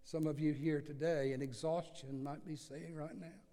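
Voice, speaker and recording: Pastor, male, slightly high voice, slow deliberate sermon delivery, long hall echo. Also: fairly even intonation, mellow. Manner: slow, earnest preaching with dramatic swings in volume.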